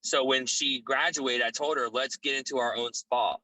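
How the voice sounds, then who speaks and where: A middle-aged man speaking as a guest on a business podcast, measured and poised in a casual interview. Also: medium pitch, no room sound, rough recording. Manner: measured, poised, steady delivery.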